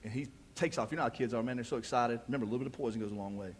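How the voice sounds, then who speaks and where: A man's voice: mid-range voice, racing, slightly rough. A male pastor in his thirties preaching a sermon in a folksy, conversational way, with joking asides. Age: 30s. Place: church.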